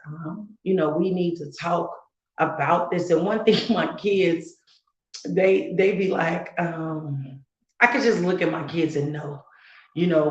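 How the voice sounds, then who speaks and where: A woman with a deep voice co-hosts a casual heart-to-heart talk as a mother, speaking earnestly and growing fervent and preachy as she repeats words for emphasis. The room is echoey and the highs are cut off.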